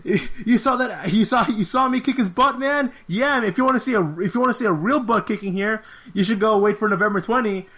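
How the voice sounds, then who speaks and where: A man mimicking a brash, hyped-up male fighter who yells his promo with drawn-out "yeah, man" lines. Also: sits high, voice pushed up. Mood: cocky.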